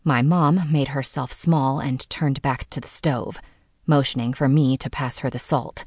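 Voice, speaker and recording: A woman's voice: very deep voice, steady tone, a little slow, darkish tone, husky, no echo, clean studio sound. A woman reading a novel aloud in the first person, with a wry, sardonic delivery. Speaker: audiobook narrator. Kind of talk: first-person scripted narration.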